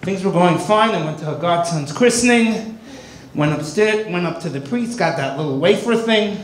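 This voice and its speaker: A man doing a stand-up comedy set in a club with wisecracking, deadpan delivery. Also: high voice, normal speed, reverberant, a little hiss or hum, poor audio.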